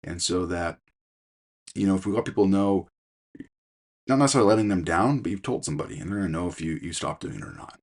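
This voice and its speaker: A man's voice: low voice, quick pace, pauses often, a little mellow. A middle-aged man hosting his own fitness podcast, talking casually with frequent fillers and restarts as he coaches listeners. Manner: conversational, many fillers and restarts. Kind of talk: casual solo podcast talk.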